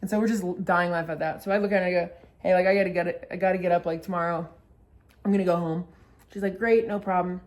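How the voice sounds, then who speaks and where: A woman's voice: fairly low pitch, steady tone, fast talker, a little mellow. Chatty young woman telling a story. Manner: chatty, swears a lot, acts out quotes. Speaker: vlogger. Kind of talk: casual storytelling.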